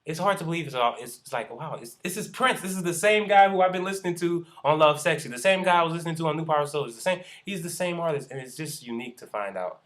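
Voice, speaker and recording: A man vlogging in casual chat, gushing excitedly about a show he went to. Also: a little high, fast, hardly any pauses.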